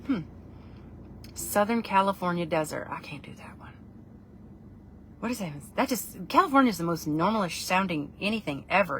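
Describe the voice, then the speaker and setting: A woman rambles through a relaxed live chat with her viewers and pokes fun at herself as she goes. Her tone is bright and a little sharp. Faint ambient sound sits under her voice. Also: medium pitch, a little hiss or hum. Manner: chatty, rambling and self-deprecating. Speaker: livestream vlogger.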